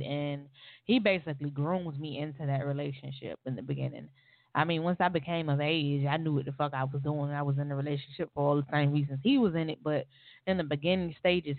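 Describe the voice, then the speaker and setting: A woman's voice: low-pitched, no room sound. Blunt woman telling her story over a phone line. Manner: blunt and profane, wry laughs. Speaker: panel guest on an online talk show. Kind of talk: candid personal storytelling. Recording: tinny phone-line audio.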